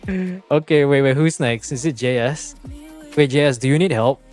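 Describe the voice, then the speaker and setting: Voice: mid-range voice, moderate pace, darkish tone, faint music behind. A game streamer in casual livestream chat, explaining numbers, chatting and laughing often.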